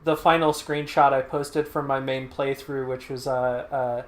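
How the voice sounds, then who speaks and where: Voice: mid-range voice, little pitch movement, normal speed. Gaming host, casual recap, hesitant with many fillers, echoey room. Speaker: let's play host.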